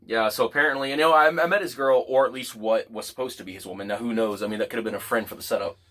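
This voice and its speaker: A man telling a rough story in casual chat, repeating his words and swearing freely. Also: medium pitch, racing, a bit bright. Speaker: guest.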